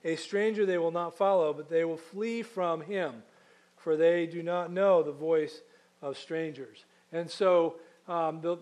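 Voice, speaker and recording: A man preaching a sermon conversationally, asking rhetorical questions and slowing down to read scripture aloud. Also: a little high, darkish tone.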